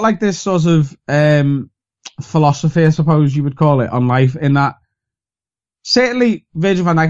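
Liverpudlian male comic, rambling and self-mocking, podcast guest, dull low-fi recording. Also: a little mellow. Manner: candid, rambling, self-deprecating. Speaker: comedian guest. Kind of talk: casual podcast chat.

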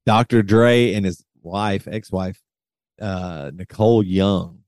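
A man's voice: deep voice, a little mellow, no room sound, studio quality. A man co-hosting a casual podcast, reading out celebrity news with lots of fillers and restarts. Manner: reads figures aloud slowly, many fillers and restarts. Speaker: podcast co-host.

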